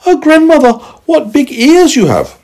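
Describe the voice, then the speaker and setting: A wide-eyed, innocent storybook girl with a squeaky falsetto, as a man reading aloud puts her on. Her lines are high and full of wonder, and each one is drawn out. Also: huge pitch swings, normal speed, a little mellow, heavily acted.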